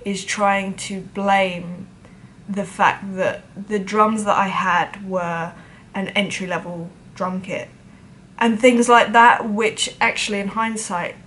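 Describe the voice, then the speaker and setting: A woman's voice: medium pitch, fairly even intonation, slow pace, fairly bright tone, slight background noise. A woman drummer telling a personal story to camera in a chatty, self-deprecating way, acting out the voices of other people.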